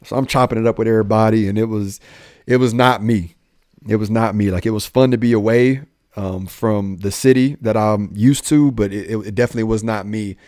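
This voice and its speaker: Speaking briskly in a lowish voice, a young cop recounts his life on a laid-back podcast, clowning around and performing the quotes he repeats. The studio-quality recording has no room sound.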